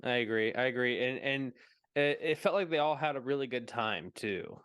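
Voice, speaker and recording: A man's voice: medium pitch, moderate pace, fairly bright tone, clean tone, dry recording, studio quality. Hesitant man co-hosting a movie chat. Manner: hesitant, lots of fillers and restarts, laughs easily. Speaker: podcast co-host. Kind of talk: casual movie discussion.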